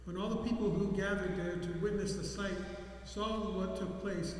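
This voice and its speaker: A man reading scripture aloud in a church service, halting and restarting now and then. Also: high voice, fairly even intonation, very echoey, long reverb tail, slight background noise. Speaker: scripture reader.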